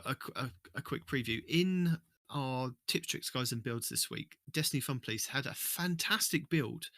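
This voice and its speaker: Bright-voiced man, dry close sound. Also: mid-range voice, no echo. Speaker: podcast co-host. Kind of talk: casual gaming podcast chat.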